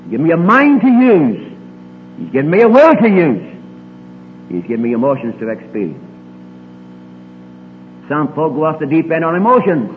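A man preaching in a large hall, his fairly high voice leaping and dropping as he stresses each point. The recording is tinny and lo-fi, with a long reverb and a faint hum underneath. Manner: swings between emphatic rises and quiet low asides. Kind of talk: sermon.

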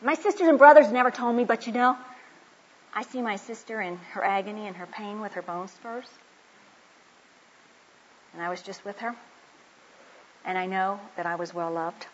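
A woman speaking at a Christian women's conference, telling personal stories in a conversational sermon, slowing down on emphatic phrases. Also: mid-range voice, a little hiss or hum. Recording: muffled lo-fi recording.

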